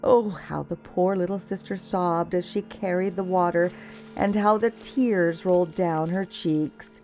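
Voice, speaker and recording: A woman narrating a fairy tale in a measured, expressive storytelling voice. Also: on the low side, soft background music.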